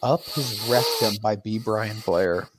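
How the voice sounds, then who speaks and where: A man's voice: fairly low pitch, takes it slowly, noisy background. A man hosting a casual chat, making wry, crude asides. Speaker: host.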